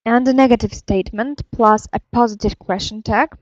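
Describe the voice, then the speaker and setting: A woman teaching an English grammar lesson, explaining slowly and carefully with fillers and self-corrections. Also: fairly high pitch, fairly even intonation, dry recording, lo-fi sound. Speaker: language teacher.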